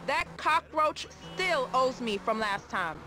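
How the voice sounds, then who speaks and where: A woman's voice: sits high, expressive, slow pace, heavy background noise. A sassy streetwise woman. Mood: sarcastic. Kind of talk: video game cutscene dialogue.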